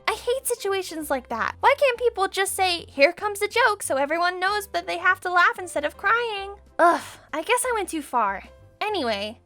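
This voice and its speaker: A young woman narrates her animated story in a very high, lively voice that jumps all over the place. Her tone is bright and dramatic, with plenty of sarcasm, and faint background music runs beneath.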